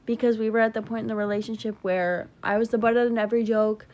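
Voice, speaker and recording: A woman's voice: on the high side, flat delivery, fast, a little mellow, highs cut off. A young woman casually telling a long, rambling breakup story, talking emphatically and cutting herself off. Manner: rambling, emphatic, self-interrupting. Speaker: TikTok storyteller.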